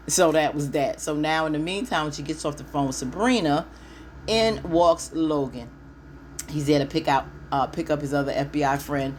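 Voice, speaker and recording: A woman's voice: deep voice, moderate pace, a little hiss or hum. A woman hosting a casual TV episode recap, chatty and opinionated, speaking straight to her viewers. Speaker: TV recap host.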